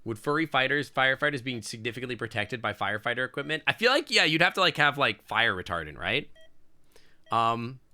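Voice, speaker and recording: A man's voice: mid-range voice, big pitch swings, brisk, bright, forceful tone. A man streaming a game, reading its story aloud and reacting with crude, outspoken jokes. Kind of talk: reading a visual novel aloud with live reactions.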